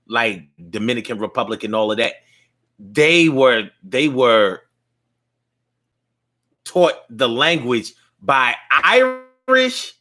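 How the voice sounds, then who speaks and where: A man's voice: mid-range voice, bright, forceful tone. A man talking in a casual monologue, rambling along with frequent restarts and fillers.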